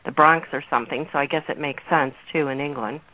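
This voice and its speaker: A woman's voice: low-pitched, fairly even intonation, fast talker, pushed and bright, low-quality recording. A woman with a Chicago accent hosting a radio interview, chatty and laughing often. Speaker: radio show host. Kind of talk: friendly interview chat.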